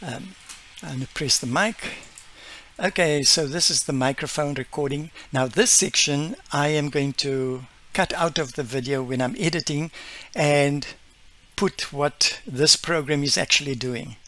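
Excited man demoing software. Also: fairly high pitch, unhurried. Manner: enthusiastic, explains step by step with many fillers. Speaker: tech vlogger. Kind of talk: casual screen-recorded software demo.

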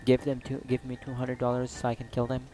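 Excitable man narrating his gameplay. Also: mid-range voice, quick pace, faint music behind, poor audio. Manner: excitable, loud outbursts, swears and jokes. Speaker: gaming YouTuber. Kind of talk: casual gameplay commentary.

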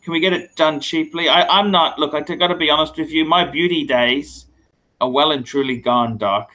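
A man's voice: a little high, normal speed, sharp tone. An Australian man co-hosting a casual live stream chat, stammering and repeating words. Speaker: stream co-host.

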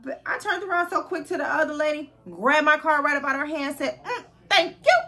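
A young woman chatting straight to her viewers in a casual storytime vlog. She has a bright, somewhat high voice and acts out every quote with big, animated swings. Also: a little fast. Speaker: vlogger.

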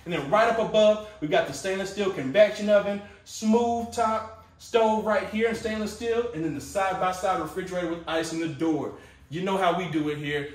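A man's voice: high-pitched, normal speed, roomy sound, distant mic. A man hosting a casual sales walkthrough of a tiny home, with upbeat salesy patter, talking to viewers as guys. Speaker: tiny home company host. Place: inside a small furnished tiny home.

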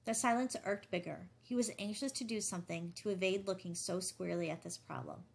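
A woman reading a novel aloud as an audiobook narrator, measured and even. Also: medium pitch, gravelly. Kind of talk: scripted narration.

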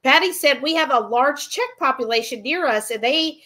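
A woman's voice: sits high, expressive, moderate pace, sharp tone. Chatty woman reading comments. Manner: chatty, reads viewer comments aloud. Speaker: cooking livestream host. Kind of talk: casual livestream chat, reading comments.

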